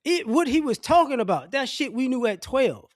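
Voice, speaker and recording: Speaking in a notably high voice with wide pitch swings at normal speed, a middle-aged vlogger launches into a blunt, foul-mouthed rant to camera. He wanders and restarts his sentences, and the recording is close and dry, free of room sound.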